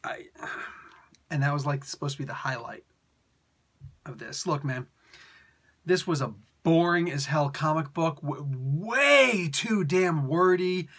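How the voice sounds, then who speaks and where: Husky exasperated comic reviewer man. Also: on the high side, lively intonation, a little slow, a bit bright. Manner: exasperated, rambling, mock-quoting. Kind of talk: casual review rant.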